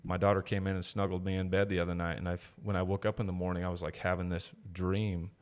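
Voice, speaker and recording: A man in his thirties with a very low voice shares his story on a podcast. He talks in a candid, reflective way, an easy conversational flow. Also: level tone, fast talker. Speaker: podcast guest. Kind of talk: casual conversation.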